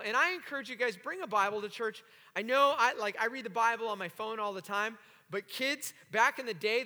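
A pastor preaching a sermon to his congregation, animated and joking with the room. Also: sits high. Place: church sanctuary. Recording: long hall reverb.

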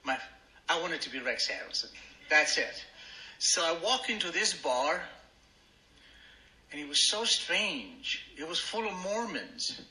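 Brief older Argentine-accented man, slightly high, very bright tone, wry self-mocking storyteller, echoey room. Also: very animated, a little slow, pauses often. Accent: Argentine Spanish. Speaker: speaker at a recovery meeting. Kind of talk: personal story told to a meeting.

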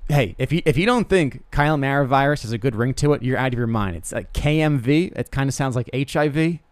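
A young man talking off the cuff in a comic monologue, mid-pitched and recorded dry and close. He rambles and restarts his sentences, and he pokes fun at himself as he goes. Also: lively intonation, a little fast, smooth, no room sound. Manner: rambling, self-deprecating, stammering restarts. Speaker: podcast host. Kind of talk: casual comedic monologue.

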